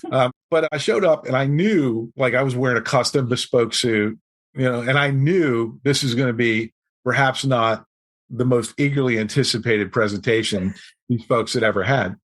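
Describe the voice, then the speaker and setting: A man as a podcast guest, telling a story in an animated, self-deprecating way. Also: medium pitch, normal speed. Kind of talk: storytelling in conversation.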